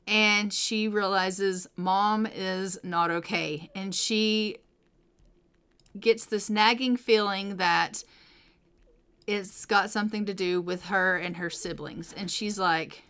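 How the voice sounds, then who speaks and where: A woman's voice: mid-range voice, steady tone, measured pace, bright, forceful tone, clear, resonant tone. A woman hosting a game channel, narrating life-sim gameplay in a chatty, story-telling way. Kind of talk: let's play narration.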